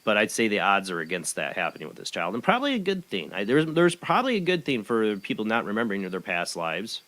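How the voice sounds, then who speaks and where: A man's voice: on the low side, very animated, fast, a bit bright, dry recording. A man hosting a live webcast talk show, chatting in a rambling way and reading a news article aloud. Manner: chatty and rambling, with many fillers and restarts. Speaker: host.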